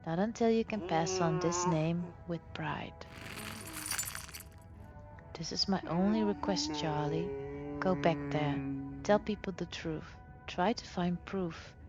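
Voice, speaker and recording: A woman voicing a dying old father, gruff and remorseful, speaking low and grave. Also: slow pace, long pauses. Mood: pleading. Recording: dull lo-fi sound with game music.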